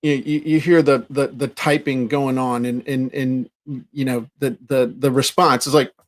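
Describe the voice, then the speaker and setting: A man's voice: mid-range voice, flat delivery, normal speed. A middle-aged man co-hosting a podcast in casual chat, telling stories animatedly and acting out quoted lines. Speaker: podcast co-host.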